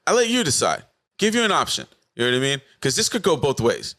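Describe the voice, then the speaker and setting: A man from South Florida, a comedian guest on a podcast, telling stories in an animated way and acting out bits of dialogue. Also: mid-range voice, fast talker. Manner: animated storyteller, acts out dialogue. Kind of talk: casual podcast chat.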